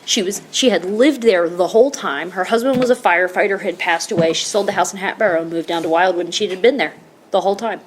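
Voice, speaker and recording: A woman's voice: fairly low pitch, quick pace, breathy edge. A middle-aged woman telling her personal recovery story at a meeting, heartfelt and rambling, full of restarts and "you know".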